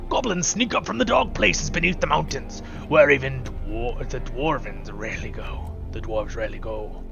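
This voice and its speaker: A man's voice: mid-range voice, normal speed, creaky, highs cut off, music in the background, close to an everyday voice. A man voicing a watchful male dwarf guard in a grumbly, forced Scottish-style brogue. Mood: wary.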